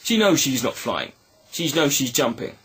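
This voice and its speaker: Husky man, halting and earnest. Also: mid-range voice, big pitch swings, fairly bright tone. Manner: halting, earnest, with many restarts. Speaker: video blogger. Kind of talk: reflective personal monologue.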